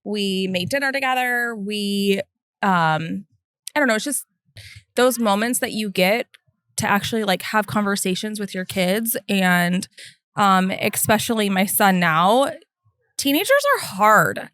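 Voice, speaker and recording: A woman in her forties, a co-parenting mom, talking reflectively in casual chat with many pauses and fillers. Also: medium pitch, fairly bright tone, no room sound.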